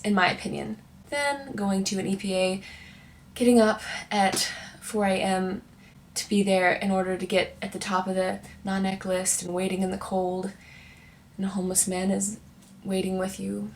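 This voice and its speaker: A woman's voice: mid-range voice, level tone, moderate pace, gravelly, a little hiss or hum. A young woman, a working actor, giving chatty, encouraging advice straight to the viewer in a casual vlog. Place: apartment in New York.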